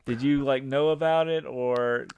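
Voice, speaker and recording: Smooth-voiced man hosting a casual podcast. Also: medium pitch, fairly even intonation, measured pace, a little mellow, no room sound. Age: 30s. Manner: rambling, with many restarts and fillers. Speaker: podcast host. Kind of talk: casual chat.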